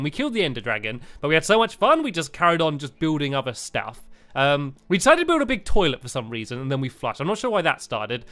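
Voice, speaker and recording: A man's voice: on the high side, fairly bright tone. A man casually commentating a video game with a co-host, giggling and rambling through explanations.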